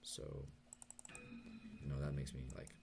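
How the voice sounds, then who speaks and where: A young man talking softly and hesitantly in a late-night confessional vlog, stuttering and pausing as he goes. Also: very deep voice, monotone, vocal fry, background noise. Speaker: vlogger.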